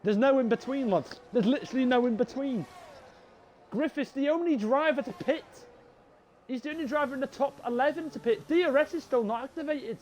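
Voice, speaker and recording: A young man giving live sim racing commentary, chatty and excitable, talking to his viewers as lads. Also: very high voice, a little fast, a little hiss or hum, low-quality recording. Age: young adult. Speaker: race commentator.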